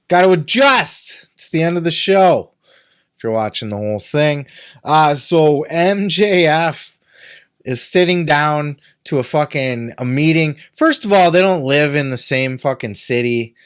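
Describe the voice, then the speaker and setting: Blunt, swearing podcast host, dry sound. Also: male voice, a little high, animated, a little slow, dry recording. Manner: profane, blunt. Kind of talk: casual commentary.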